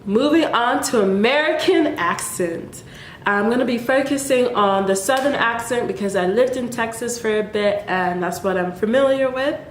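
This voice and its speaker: A woman's voice: on the high side, normal speed, slight background noise. Dutch-born woman vlogging, stuffy nose, lots of ums, kinda echoey room. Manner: chatty, laughing, frequent ums. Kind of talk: casual chat and poem reading.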